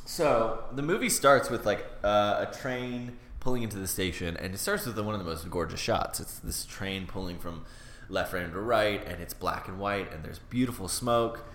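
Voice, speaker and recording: Enthusiastic low-voiced man co-hosting a podcast. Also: normal speed, fairly bright tone, reverberant. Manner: enthusiastic, rambling with fillers. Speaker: podcast co-host. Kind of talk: casual film discussion.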